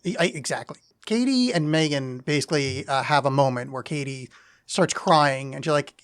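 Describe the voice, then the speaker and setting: A man co-hosting a podcast, chatting casually in a wry, offhand way and swearing freely. His voice sits a little higher than most men's. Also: normal speed, a bit bright, clean tone. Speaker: podcast co-host. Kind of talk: casual chat.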